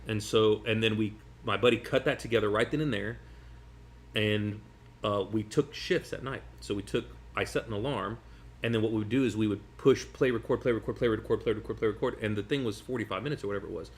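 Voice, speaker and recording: A man, a magician guest, telling stories in casual chat over food, rambling and animated with many restarts. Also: fairly low pitch, quick pace. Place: sitting at a table over food.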